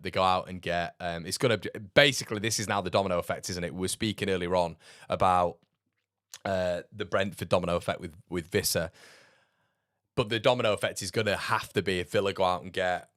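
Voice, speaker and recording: Man, casual livestream host, blunt, sarcastic, laughs a lot, deep voice. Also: fairly bright tone, no echo, clean studio sound. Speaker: football fan channel host. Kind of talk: casual livestream chat reading comments.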